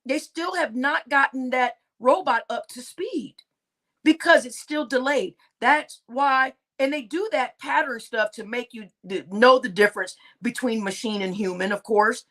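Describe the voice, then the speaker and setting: High-voiced woman hosting a stream. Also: a little slow, a bit bright. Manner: emphatic, repeats words, asks "right?". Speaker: host of a conspiracy talk stream. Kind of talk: casual livestream monologue.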